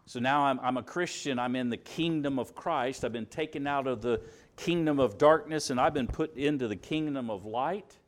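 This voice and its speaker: A man with a Southern US accent preaching a sermon, stressing key words by rising, dropping and slowing down. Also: medium pitch. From Alabama, US. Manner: emphatic, rises and drops for stress, slows on key words.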